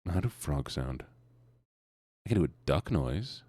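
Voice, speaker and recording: A man's voice: rumbling low, expressive, a little slow, darkish tone, dry recording, clean studio sound. A man streaming, greeting his viewers in a playful, sing-song, teasing way. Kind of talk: casual chat greeting viewers.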